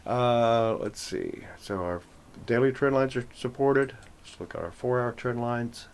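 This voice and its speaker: Sharing his screen, a forex channel host talks through chart trend lines in a relaxed, rambling way, full of self-corrections and jokes. He speaks unhurriedly in a mid-range voice with vocal fry, over slight background noise.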